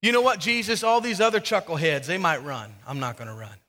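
A man's voice: sits high, brisk, sharp tone, long reverb tail. A male preacher voicing a proud, loyal disciple who boasts he will never run, in a sermon. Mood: boastful. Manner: boastful, defiant.

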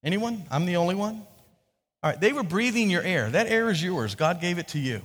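A man's voice: sits high, animated, brisk, a bit bright. A male pastor preaching a sermon in a conversational way, repeating words and asking the congregation questions, in a church. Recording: echoey hall.

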